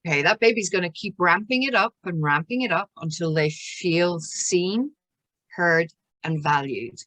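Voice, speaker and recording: A woman's voice: on the low side, a little slow, fairly bright tone, no room sound. An Irish woman counsellor explaining child emotions in an interview, acting out little scenes as she goes. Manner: explanatory, acts out little scenes with soothing voices.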